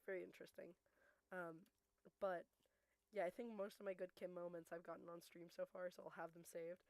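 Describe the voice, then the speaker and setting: A young woman streaming a game, chatting casually and excitedly, laughing often and swearing. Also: on the low side, fairly quick, no room sound. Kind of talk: casual let's-play commentary.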